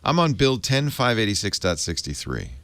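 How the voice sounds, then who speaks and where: Gravelly, animated man hosting a podcast. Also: lowish voice, moderate pace, no room sound. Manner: joking, laughs often. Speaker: podcast host. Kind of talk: casual tech chat.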